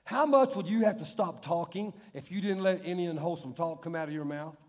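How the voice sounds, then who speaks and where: A male pastor preaching a sermon in a church hall, emphatic, asking rhetorical questions and slowing down to stress key words. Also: on the high side. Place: large church hall with screen. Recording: long hall reverb.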